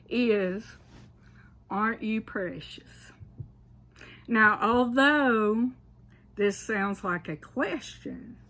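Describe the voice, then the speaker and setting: A woman with a Southern US drawl explains local sayings in an easy, chatty way. She talks slowly, in a fairly high voice, and keeps checking in with her listeners. She laughs often. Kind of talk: casual explainer, partly read aloud.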